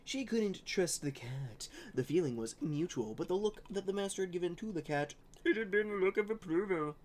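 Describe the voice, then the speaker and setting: A man from Canada reading fan fiction aloud on a podcast, halting and giggly, with frequent restarts. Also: high voice, lively intonation, slight background noise.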